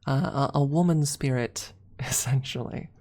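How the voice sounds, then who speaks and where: A woman streamer in a soft-spoken ASMR style, chatting gently with her viewers, giggling and slipping into whispers, calling them her lovelies. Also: a bass voice, measured pace. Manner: affectionate, calls chat her lovelies.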